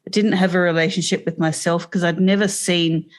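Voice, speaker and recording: A woman with an Australian accent and a lowish voice speaks as a podcast guest. She tells her own story plainly and candidly, in a matter-of-fact way. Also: steady tone, brisk. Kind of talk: podcast interview.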